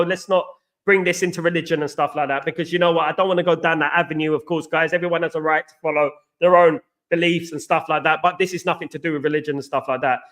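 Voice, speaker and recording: Man, 40s, high voice, casual live-stream football chat, repeats himself, reads viewer comments. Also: a bit bright. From East London, England. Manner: repetitive, says absolutely a lot, reads out viewer comments. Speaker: host of a football fan show.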